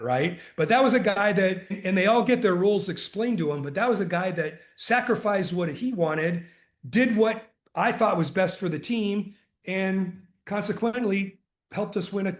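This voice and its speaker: A man, a retired college basketball coach, telling earnest, animated stories about his teams as a podcast guest. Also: high voice, roomy sound. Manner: earnest, animated anecdotes, acts out dialogue. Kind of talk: conversational storytelling.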